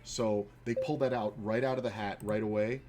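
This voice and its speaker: A man who plays poker and used to be a dealer tells rambling, profane stories packed with fillers while playing online poker. His lowish voice holds a steady tone at a fairly quick pace, against a noisy background.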